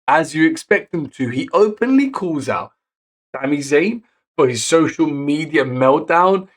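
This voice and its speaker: Slow, higher-voiced excitable male recapper. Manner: excitable, voice rises on big moments; self-correcting, picks words as he goes. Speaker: wrestling show recapper. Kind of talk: casual recap narration.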